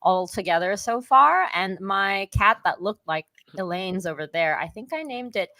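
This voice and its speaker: A young woman chats away as a podcast guest, lively and laughing easily, slipping into quoted voices as she tells things. Her pitch sits in an ordinary middle range, and the sound is close and dry with no room around it. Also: moderate pace, dry recording. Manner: chatty and animated, often laughing, acts out quotes. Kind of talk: casual interview chat.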